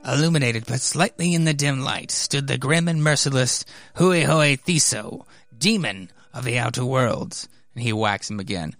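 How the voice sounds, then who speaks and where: A man's voice: mid-range voice, measured pace, a bit bright, dry recording, soft background music. A man hosting a casual comic book podcast, narrating and chatting in a loose, rambling way. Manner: rambling, loose, many fillers and restarts. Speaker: podcast host.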